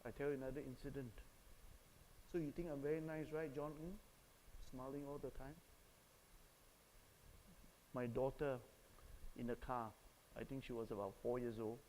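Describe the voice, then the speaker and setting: A man's voice: medium pitch, a little mellow, big-room sound, slight background noise, low-quality recording. A man with a Singaporean English accent, preaching a sermon and telling stories while asking the audience questions. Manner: storytelling, asks the audience questions.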